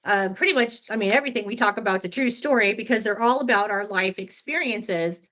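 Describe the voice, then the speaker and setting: Talking quickly in a medium-pitched, slightly bright voice, a woman in her fifties rambles through a personal story for a podcast. She laughs easily and fills her speech with fillers and self-corrections.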